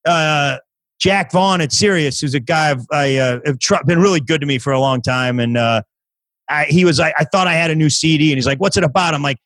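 A man's voice: fairly high pitch, a little fast, fairly bright tone, no echo, low-quality recording. A man, a comedian guest on a podcast, telling stories in a rambling, self-mocking way during casual chat.

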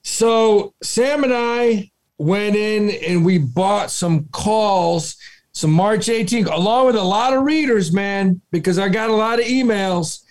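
A man's voice: high-pitched, takes it slowly. A man co-hosting a podcast, talking stock trades in a blunt, profane way. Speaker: podcast co-host. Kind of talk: casual podcast chat about stocks.

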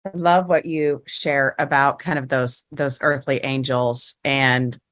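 A woman's voice: a bass voice, fairly even intonation, slow, fairly bright tone. A woman hosting a podcast interview, reflecting aloud and rambling with many fillers before she asks her questions. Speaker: podcast host. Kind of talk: casual interview chat.

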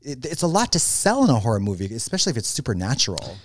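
A young man co-hosting a casual podcast chat, animated and swearing, with shrieks of laughter. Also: medium pitch, fast talker, dry recording, clean studio sound. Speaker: podcast co-host.

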